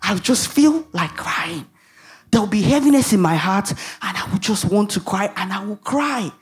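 A woman's voice: medium pitch, lively intonation, normal speed. A woman preaching a sermon in an emphatic way, asking the audience rhetorical questions and laughing at herself.

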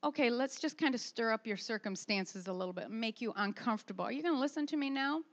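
A woman voicing God in a sermon as a patient, fatherly figure speaking softly and coaxingly, lower than her own voice. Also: expressive, fast talker, lo-fi sound. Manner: soft, coaxing, then warning.

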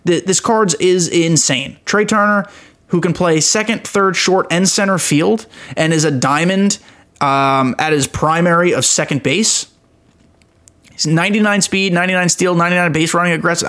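A man's voice: on the high side, fairly bright tone. A young man hosting a casual gaming podcast, rambling and enthusiastic, poking fun at himself as he goes. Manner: rambling, self-mocking, enthusiastic. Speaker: podcast host.

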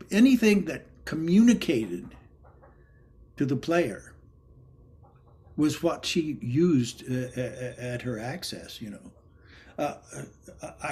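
An older man telling stories about a former teacher, rambling with many restarts and laughs, and sometimes acting out quoted lines loudly. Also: medium pitch. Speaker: interviewee recalling a former teacher. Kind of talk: anecdotal reminiscence.

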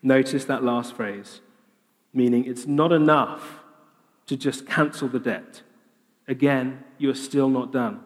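A man preaching a sermon, animated and humorous, with lively voiced asides. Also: mid-range voice, slow pace. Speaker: pastor. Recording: long hall reverb.

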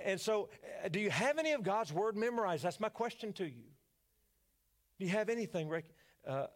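A man preaching a sermon in church, building from calm teaching to fervent declarations and prayer. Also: high voice. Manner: preachy call-and-response, rising to fervent declarations. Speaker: pastor.

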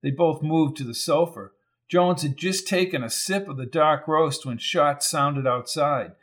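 A man with a fairly high voice narrates an audiobook of a crime novel. His scripted reading is even and measured.

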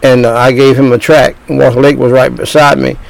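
A man's voice: medium pitch, level tone, a little fast, vocal fry, rough recording. An older man in his sixties preaching a sermon as a pastor, talking in bursts with repeated words and restarts.

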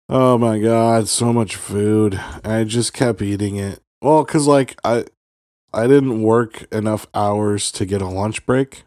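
A man's voice: lowish voice, darkish tone, no room sound, clean studio sound. A man co-hosting a podcast, talking in a tired, laid-back, casual way. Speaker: podcast co-host. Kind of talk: casual chat.

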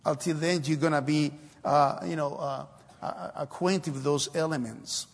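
Creaky and a little high, this man's voice stays fairly even in intonation as he preaches unhurriedly in a church. He fumbles with many fillers, then breaks into emphatic exhortations, with long hall reverb around him.

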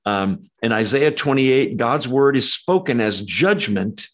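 A man preaching a sermon, animated and emphatic, with conversational asides. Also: medium pitch, measured pace. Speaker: pastor.

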